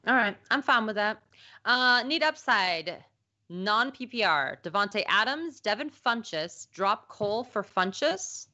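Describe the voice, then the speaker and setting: Lively, bright-voiced fantasy football co-host woman. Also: mid-range voice. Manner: chatty, laughs easily, reads ad copy quickly. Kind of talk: casual live-stream chat. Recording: slightly dull lo-fi live-stream audio.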